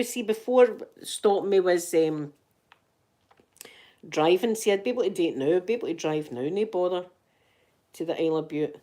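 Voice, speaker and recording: A woman's voice: on the low side, a little mellow. A middle-aged Scottish woman telling rambling, dramatic anecdotes in casual chat as a channel host. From Scotland.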